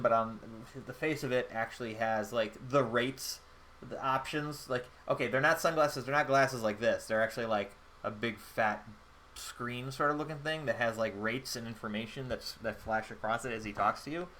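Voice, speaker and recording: A man's voice: medium pitch, normal speed, sharp tone, slight background noise. A man playing a solo tabletop game on his channel, thinking aloud in a rambling way with many fillers. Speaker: solo game player and host. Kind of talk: solo tabletop game play-through narration.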